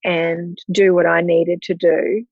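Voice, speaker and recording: A woman in her forties speaking openly and emotionally in a personal conversation, often laughing softly through hard moments. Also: lowish voice, level tone, takes it slowly, creaky, no room sound, phone-quality sound. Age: 40s. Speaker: guest.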